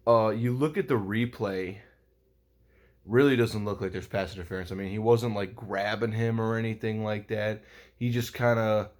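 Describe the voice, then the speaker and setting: A man's voice: lowish voice, a little mellow. A young man recapping a football game in a rambling, casual vlog, swearing a lot and using many fillers. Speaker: sports vlogger.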